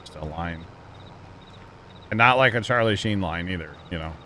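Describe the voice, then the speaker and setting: A man's voice: low-pitched, lively intonation, moderate pace, sharp tone, a little hiss or hum. A man hosting a farming game livestream, chatting casually, rambling and laughing at his own stories. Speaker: livestream host. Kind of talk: casual gaming stream chat.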